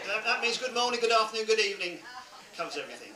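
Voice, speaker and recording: A man's voice: high voice, lively intonation, very fast. A man with a Norfolk accent leading a comic audience game on stage, joking and teasing the crowd. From Norwich, England. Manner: jokey, self-deprecating. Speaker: band member hosting audience game. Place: cruise ship lounge. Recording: echoey room from far off, noisy crowd. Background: crowd chatter and laughter.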